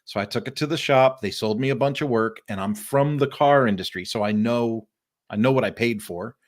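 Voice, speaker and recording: A man's voice: medium pitch, fairly quick. Upbeat middle-aged man telling stories. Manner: animated storyteller, acts out friendly greetings. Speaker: podcast host. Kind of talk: casual interview chat. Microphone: remote live-stream call.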